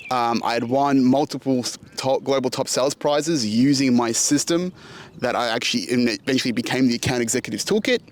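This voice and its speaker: A man's voice: mid-range voice, brisk. A man in his thirties casually telling a personal story, swearing now and then and acting out dialogue. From Australia.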